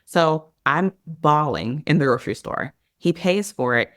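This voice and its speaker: A woman's voice: low voice, unhurried, no echo. Chatty woman telling a story, dry sound. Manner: animated, chatty, heavy use of "like" and "girl". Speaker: podcast guest. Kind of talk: casual storytelling in an interview.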